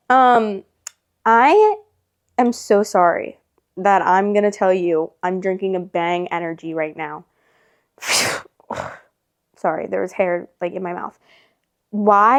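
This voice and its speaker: A woman in her twenties hosting a casual chat podcast from home, rambling and swearing casually. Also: medium pitch. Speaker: podcast host.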